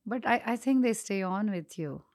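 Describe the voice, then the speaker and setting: A woman co-hosting a podcast, speaking in a calm, measured, reflective way. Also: medium pitch, dry recording, studio quality. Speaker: podcast co-host. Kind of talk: casual chat.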